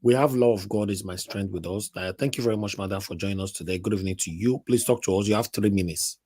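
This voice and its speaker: Low-voiced male call-in host, brisk. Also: a little mellow. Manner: brisk, polite, keeps time. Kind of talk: live call-in hosting.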